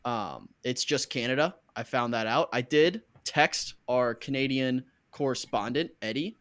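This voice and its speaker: A man's voice: mid-range voice, measured pace, fairly bright tone. Chatty, joking male podcast host. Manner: chatty, joking, rambling with fillers. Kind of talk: casual podcast chat.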